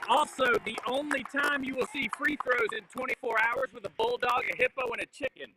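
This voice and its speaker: Very high-pitched upbeat coach, jokey, clear background noise. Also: male voice, lively intonation, fairly quick, few pauses. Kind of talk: casual chat.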